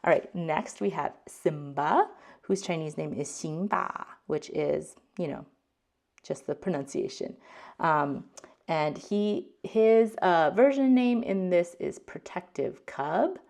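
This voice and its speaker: A woman's voice: low voice, animated, takes it slowly, vocal fry, darkish tone. A woman hosting a casual language lesson, chatty and explaining word by word with lots of fillers. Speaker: host.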